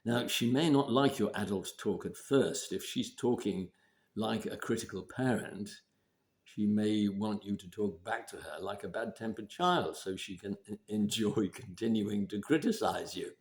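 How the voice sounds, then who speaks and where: A man giving relationship advice in a measured way, often clearing his throat and repeating points for emphasis. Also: lowish voice. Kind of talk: advice talk to camera.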